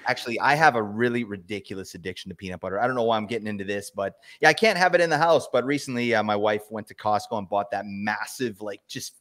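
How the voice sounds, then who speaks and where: A man's voice: lowish voice, quick pace, hardly any pauses, fairly bright tone. A man co-hosting a casual podcast, joking and bantering playfully, often stammering as he restarts his sentences. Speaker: podcast co-host.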